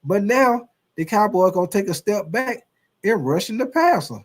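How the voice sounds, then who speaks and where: Animated man hosting a sports livestream. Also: high-pitched, moderate pace. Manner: animated, slangy, reads out viewer comments. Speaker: host. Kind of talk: casual sports livestream talk.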